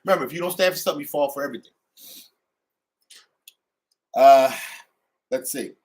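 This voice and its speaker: A middle-aged channel host delivers a brisk, profane, ranting monologue to his audience, swinging between loud outbursts and low mutters.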